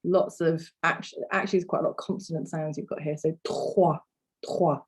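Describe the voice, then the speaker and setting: Speaking quickly in a low, husky voice with fairly even intonation, a language teacher leads a phonics lesson. She explains things patiently and demonstrates sounds for her learners to echo back.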